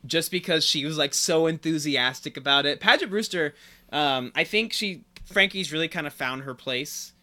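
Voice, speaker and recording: A man's voice: a little high, animated, normal speed, pushed and bright. A man co-hosting a podcast, casually recalling favorite moments of a TV episode and laughing often. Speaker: podcast co-host. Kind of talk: casual chat about a TV episode.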